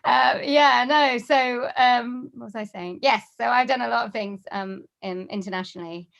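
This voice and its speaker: A woman's voice: on the high side, moderate pace, creaky, fairly bright tone, lo-fi sound. A woman with a Welsh accent, a voiceover artist chatting in an interview, laughing often and full of fillers. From Wales. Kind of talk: casual interview chat.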